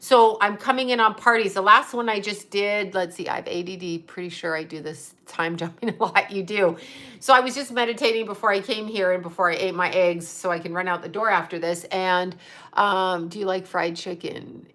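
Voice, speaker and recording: Middle-aged woman, bright voice, loose rambling talker, frequent laughs and swearing. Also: medium pitch, fairly even intonation, fairly quick. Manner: chatty, digressive, laughs often, swears. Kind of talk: casual rambling chat.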